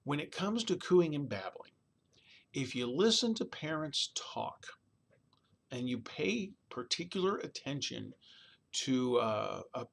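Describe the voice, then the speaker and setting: This conversational college lecturer, recorded at a middle pitch, has a sing-song, creaky delivery and a slow pace. Peppering his talk with "okay?" and "all right?", he now and then imitates how a baby babbles.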